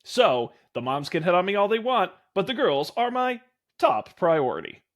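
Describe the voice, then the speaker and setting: A man's voice: high-pitched, sing-song, moderate pace. A man voicing a friendly, laid-back dad from a dating game, reading his lines in an earnest, easygoing way.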